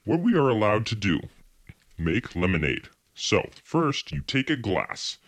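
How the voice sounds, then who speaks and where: A man's voice: fairly low pitch, unhurried, full character voice. A man playing Pierre, a bossy, grumpy TV cook. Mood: deadpan. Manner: bossy, scolding, deadpan. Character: Pierre, bossy grumpy male TV cooking host. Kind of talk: comedy sketch acting.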